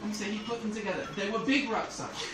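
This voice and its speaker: A man's voice: sits high, fast, a crowd in the background. An English man doing stand-up comedy in a club, telling stories and laughing through his own jokes. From England. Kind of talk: stand-up storytelling. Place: club room with a live audience. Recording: echoey club from far off, noisy.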